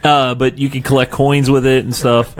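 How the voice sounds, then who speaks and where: A man's voice: medium pitch, little pitch movement, normal speed. Male podcast co-host, mid-range voice, loose and rambling. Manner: rambling, restarts often. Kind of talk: casual chat.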